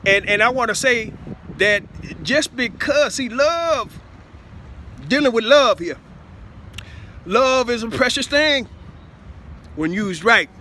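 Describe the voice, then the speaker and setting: A man giving a rambling, improvised talk to his listeners, halting with many stammered repeats and asides of "see?". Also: extremely high pitch, animated, pushed and bright, slight background noise. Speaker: self-styled speaker addressing listeners.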